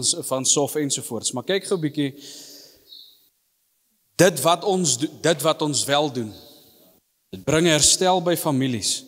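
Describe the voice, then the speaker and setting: A man's voice: fairly high pitch, fairly bright tone. A man addressing a group with encouragement, repeating words as he talks. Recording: hall reverb.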